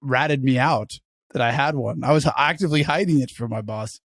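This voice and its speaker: A man's voice: mid-range voice, fairly quick, a bit bright, no room sound, studio quality. A man co-hosting a casual podcast, rambling and joking with casual swearing. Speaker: podcast co-host.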